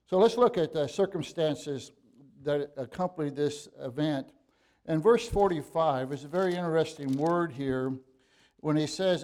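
A man's voice: a little high, unhurried, darkish tone. A man preaching an evening sermon, reading scripture aloud and then explaining it earnestly, with frequent fillers and restarts and sudden emphatic bursts.

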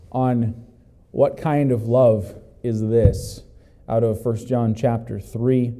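A man preaching a sermon as pastor, walking through a Bible passage and breaking into loud exclamations. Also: mid-range voice.

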